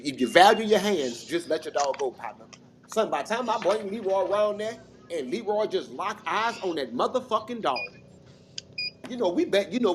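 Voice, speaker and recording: An animated man from Mississippi spins a long story in loose casual talk, swearing freely and acting out the voices of the people in it. His voice sits a bit high for a man, and a steady hiss of noise runs under the audio-chat recording. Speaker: regular panelist.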